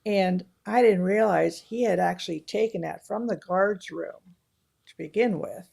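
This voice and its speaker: A woman co-hosting a casual film review chat, retelling movie scenes with animated storytelling. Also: mid-range voice, measured pace, creaky, breathy edge. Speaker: podcast co-host.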